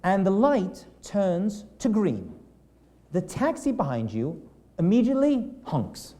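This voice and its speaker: A man from England, a rabbi giving a lively classroom lecture and asking his students questions. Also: sits high, takes it slowly. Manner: animated, acts out quoted lines, asks the room questions. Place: classroom in New York City.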